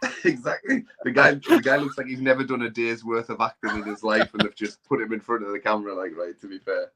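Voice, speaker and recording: A man's voice: lowish voice, fairly even intonation, fast talker, sharp tone. A man co-hosting a casual movie review chat, laid-back and hesitant, with lots of fillers. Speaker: podcast co-host.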